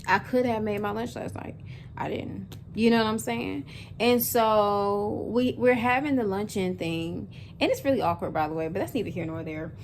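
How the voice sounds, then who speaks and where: A woman's voice: medium pitch, moderate pace, a little hiss or hum. A woman in her twenties talking casually to camera as a vlogger, chatty and full of fillers, speaking straight to her viewers. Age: 20s. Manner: chatty, filler-heavy, addresses viewers as y'all.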